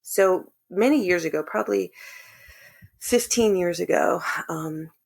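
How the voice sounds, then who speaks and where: A woman's voice: lowish voice, a little slow, creaky. A woman guest earnestly telling a personal family story in casual conversation. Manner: earnest, animated when quoting others. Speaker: podcast guest.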